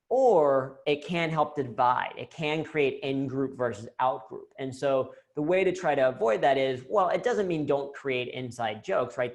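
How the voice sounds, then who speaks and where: An American man giving a lively, jokey talk on humor at work during a video-call Q&A. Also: medium pitch. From United States. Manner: animated, jokey, self-deprecating. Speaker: humor and leadership speaker.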